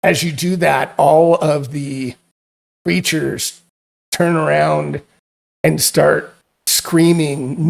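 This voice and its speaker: A man narrating a tabletop game as game master, halting and repeating words as he goes. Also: a little high, fairly even intonation, vocal fry.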